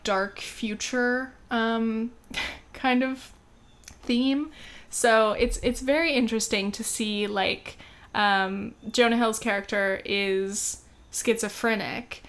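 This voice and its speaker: A young woman from America talks on her own podcast in a relaxed, candid way. Her voice sits a little higher than most women's, and her talk is full of fillers and the occasional swear word. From United States. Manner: chatty and candid, with frequent fillers and casual swearing. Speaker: podcast host. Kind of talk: casual solo podcast chat.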